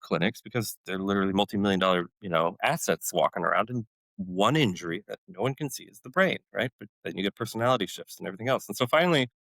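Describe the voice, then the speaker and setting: Male guest, 40s, ex-military medic, low-pitched, dry close mic, animated storyteller. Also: fast, dry recording, low-quality recording. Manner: animated storyteller, acts out his own past outbursts. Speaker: podcast guest, former special forces medic. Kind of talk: storytelling interview.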